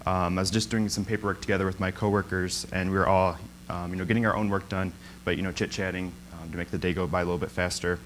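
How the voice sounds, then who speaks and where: This young guest preacher has a low voice, fairly even intonation and a fast delivery with hardly any pauses. He tells his story chattily, with many ums and lots of laughing. Slight background noise comes through the low-quality recording.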